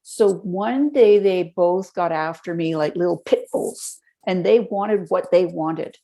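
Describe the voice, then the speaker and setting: Lively woman telling stories. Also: fairly low pitch, slow. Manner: lively storyteller, explains step by step. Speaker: podcast guest, health educator. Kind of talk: conversational interview.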